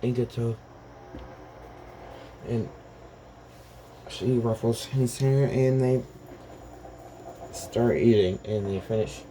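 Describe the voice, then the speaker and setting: A man's voice: medium pitch, slow, long pauses, mellow, a little hiss or hum. A man casually retelling a fan story in a rambling way, often saying "goes like" between lines.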